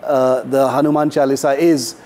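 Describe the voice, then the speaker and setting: A man hosting a talk-show interview, speaking in a measured way with frequent fillers. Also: medium pitch, flat delivery, mellow. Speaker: host.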